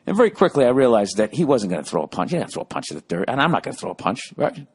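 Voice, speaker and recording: A podcast host tells a comic, profane story as a sarcastic rant, swearing heavily and acting out both sides of the arguments. His medium-pitched voice is husky, rapid-fire and full of big pitch swings.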